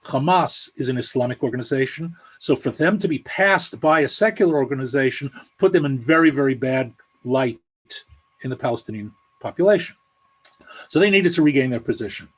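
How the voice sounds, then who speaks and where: A man giving a measured, explanatory analysis with dry, sarcastic asides over a video call. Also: medium pitch, animated, slightly rough, highs cut off. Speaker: guest analyst. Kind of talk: spoken analysis at an online meeting.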